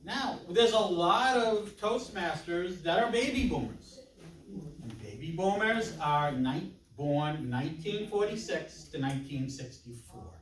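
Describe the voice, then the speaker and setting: Slow, chatty older man in a hall. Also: on the high side, fairly bright tone. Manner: chatty, jokes with the audience. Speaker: conference speaker. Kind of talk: interactive presentation. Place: conference hall with audience. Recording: roomy hall from a distance with audience murmur.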